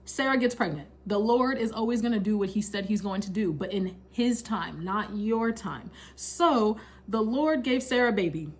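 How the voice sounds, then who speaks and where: A woman's voice: medium pitch, moderate pace, hardly any pauses. A young woman casually retelling a Bible story in a slangy, chatty way, laughing often. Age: young adult. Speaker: Bible study vlogger. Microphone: camera mic.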